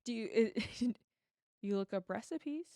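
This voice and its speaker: High-voiced, unhurried young woman co-host. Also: animated, mellow, no echo, studio quality. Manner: short amused reactions, laughs along. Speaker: podcast co-host. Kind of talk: casual chat.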